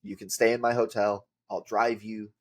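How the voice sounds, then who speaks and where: A man's voice: lowish voice, level tone, normal speed. A man, a podcast guest telling rambling casual stories with lots of filler words. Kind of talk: casual storytelling.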